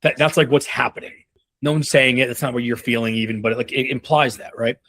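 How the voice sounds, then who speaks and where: A man's voice: medium pitch, steady tone, fast talker, sharp tone. A man in his thirties coaching on a call, casual and rambling, with many fillers and restarts. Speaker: sales leadership coach.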